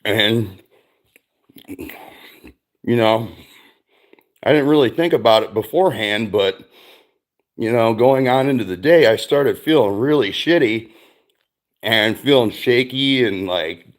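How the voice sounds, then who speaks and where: A middle-aged man talks loosely and at length, like he is chatting with viewers on his stream. His voice sits at a medium pitch. He swears freely, drifts from one thought to the next, and breaks into laughter often. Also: slow pace, pauses often. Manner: rambling, profane, laughs often. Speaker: streamer host. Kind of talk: casual chat.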